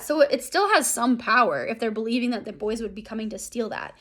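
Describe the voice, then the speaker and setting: Chatty woman teacher, rather high voice. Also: fairly quick, few pauses. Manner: casual, with many fillers, and checks in with "right?". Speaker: English teacher. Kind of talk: recorded lesson for students.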